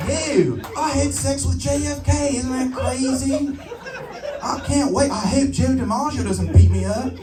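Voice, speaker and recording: A man on stage voicing a flirty, sad female film star from the sixties in a high, breathy voice, recorded live in a club. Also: a little slow, over loud music, over a noisy crowd. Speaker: stand-up comedian. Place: club stage before a laughing crowd. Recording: roomy live club sound from a distance.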